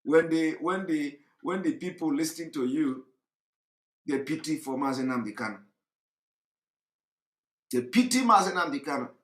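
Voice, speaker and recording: A man delivering an impassioned, mocking monologue, often shouting and repeating himself. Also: on the high side, animated, moderate pace, pauses often, echoey room. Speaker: commentator.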